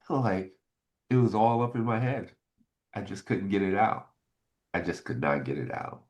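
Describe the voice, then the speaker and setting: A middle-aged man, a former football player, telling stories in a casual interview and getting animated as he recalls his frustrations. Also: moderate pace. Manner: animated, jumps high in pitch when retelling frustration.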